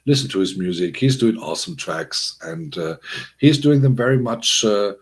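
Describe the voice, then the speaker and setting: A man's voice: medium pitch, expressive, moderate pace, creaky. A man hosting a casual livestream, talking to his chat in a rambling, chatty way with many fillers. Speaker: livestream host.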